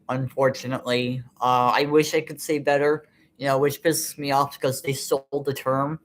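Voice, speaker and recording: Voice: mid-range voice, fairly even intonation, moderate pace. A vlogger in an unscripted personal monologue, venting in a frustrated, bitter way and swearing a lot, rambling with many fillers.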